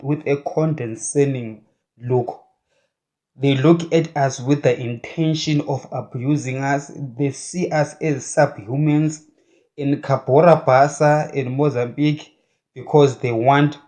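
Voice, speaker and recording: A man giving opinionated commentary in a halting delivery full of filler sounds, turning indignant with rhetorical questions. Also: medium pitch, a little mellow. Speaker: political commentator.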